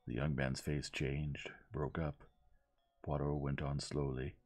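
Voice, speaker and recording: Brief: male reader, deep and gravelly, dark tone, gentle audiobook narration. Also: fairly even intonation, soft background music. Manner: soft, unhurried narration.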